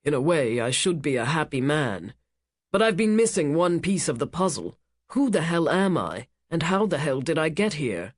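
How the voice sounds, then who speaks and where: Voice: mid-range voice, big pitch swings, moderate pace, no room sound. Narrator voicing Feldman, a cold, charming tycoon. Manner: smooth, commanding, cutting. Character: wealthy casino owner, charming and menacing man. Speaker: cruise ship owner.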